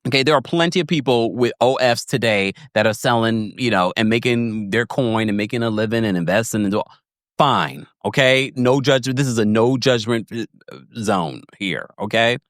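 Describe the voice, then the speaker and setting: A man's voice: mid-range voice, moderate pace, fairly bright tone, dry recording, studio quality. A man hosting a podcast, recapping a reality show in casual, gossipy commentary, laughing often and acting out what people said. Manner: chatty, self-interrupting storyteller. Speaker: podcast host.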